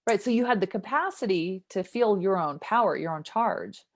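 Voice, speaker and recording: A woman's voice: mid-range voice, animated, moderate pace. A woman who works as a somatic trauma therapist, explaining earnestly as an interview guest and often checking in with "right?".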